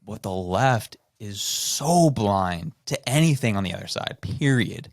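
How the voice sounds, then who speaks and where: Canadian male podcast co-host, low and gravelly, animated, casual political chat. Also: measured pace, no room sound. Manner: animated, mocks voices of others. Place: studio.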